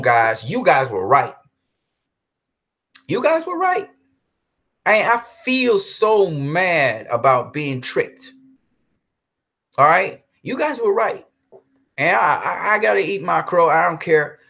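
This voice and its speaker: A man's voice: mid-range voice, gravelly, fairly bright tone. A man hosting a live stream in a casual, heated way. He repeats himself, talks straight to his viewers and reads out and answers their chat comments. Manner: heated and repetitive, addresses viewers directly.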